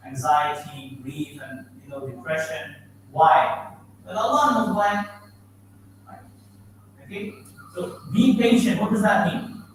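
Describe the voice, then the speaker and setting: Man, preacher, quizzes listeners, recites Arabic, very reverberant room, faint hiss. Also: sits high. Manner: asks the audience questions, quotes Arabic verses. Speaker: imam giving a talk. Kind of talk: interactive Islamic lecture. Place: mosque hall. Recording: very echoey hall from far off.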